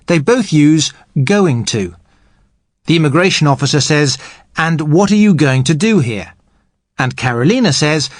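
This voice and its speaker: A man teaching English on a podcast, explaining grammar patiently and clearly. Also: on the high side, no room sound, studio quality. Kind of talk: explanatory language lesson.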